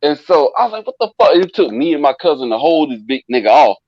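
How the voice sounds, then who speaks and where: A man's voice: fairly high pitch, a little fast, no echo. A man casually telling a long, profane party story to a friend, acting out what people said. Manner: animated, profane, acts out quoted voices. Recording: dull lo-fi dry sound.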